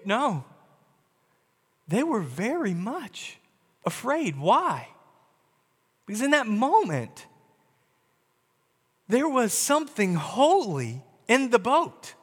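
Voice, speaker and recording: A male pastor preaching a sermon with dramatic delivery, swinging between loud and hushed. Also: sits high, sing-song, takes it slowly, pauses often, big-room sound.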